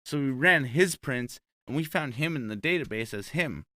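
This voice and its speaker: A man, telling a long story on a podcast in a casual, profane, animated way, acting out what others said. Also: mid-range voice, dry recording. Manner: profane, animated, quick retelling with acted quotes.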